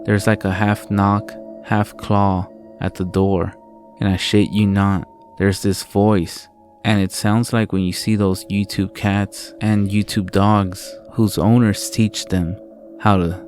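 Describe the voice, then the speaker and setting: Deep, flat-voiced male horror narrator. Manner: low, steady storytelling with frequent swearing. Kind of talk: scripted narration of a first-person horror story.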